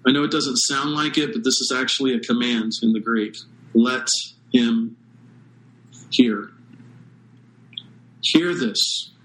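A man preaching a sermon as pastor, earnest and measured, stressing key words with pauses. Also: mid-range voice, fairly bright tone, low-quality recording.

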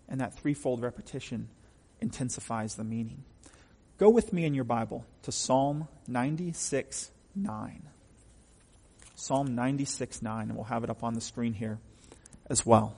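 A man's voice: mid-range voice, measured pace, vocal fry, dark tone, breathy edge, big-room sound. A man preaching a sermon from the pulpit, emphatic and often asking the congregation questions. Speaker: pastor.

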